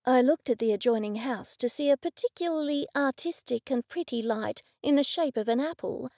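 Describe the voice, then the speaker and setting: A woman narrating a cozy mystery audiobook in first person, with measured, dry storytelling. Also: high-pitched, animated, a little mellow, dry recording.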